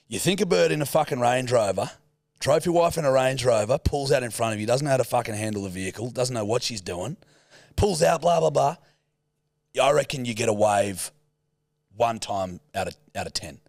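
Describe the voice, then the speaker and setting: A man's voice: medium pitch, a little fast, no echo, clean studio sound. A man co-hosting a podcast, telling a road rage story in casual chat and swearing a lot. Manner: swears a lot, animated retelling. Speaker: podcast co-host.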